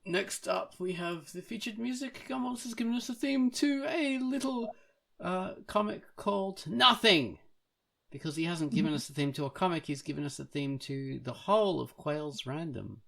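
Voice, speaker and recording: A man's voice: fairly high pitch, sing-song, a little slow, vocal fry. A man hosting a podcast in a playful, casual way, sometimes slipping into a sing-song voice. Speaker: podcast host.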